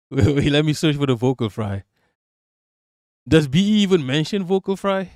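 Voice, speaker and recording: A man on a live stream tears into a clip with loose, profane mockery. His voice sits a little high, and he laughs between jabs. The sound is close and dry, with no room around it. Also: animated, normal speed, darkish tone, no echo. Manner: profane, mocking, laughs often. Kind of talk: casual reaction rant.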